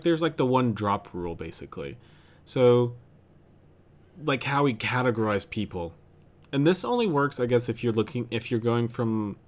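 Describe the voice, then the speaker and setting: A man co-hosting a podcast, chatting casually and thinking aloud with lots of fillers and restarts. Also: lowish voice. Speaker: podcast co-host. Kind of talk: casual chat.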